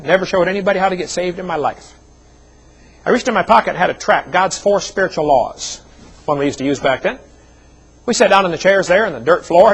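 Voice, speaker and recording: A man's voice: high voice, slightly rough, rough recording. A middle-aged man preaching a seminar sermon, telling personal stories in a folksy way with joking asides. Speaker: evangelist speaker.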